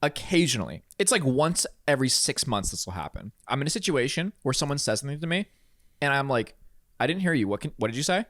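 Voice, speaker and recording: A man co-hosting a podcast, chatting casually and delivering dry, deadpan jokes. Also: mid-range voice, fast talker, no room sound. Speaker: podcast co-host. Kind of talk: casual comedic chat.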